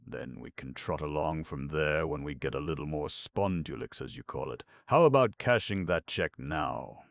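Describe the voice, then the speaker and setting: A man's voice: rumbling low, lively intonation, normal speed, creaky, exaggerated voice. A man voicing a brash, cocky young man who talks in a breezy, slangy way.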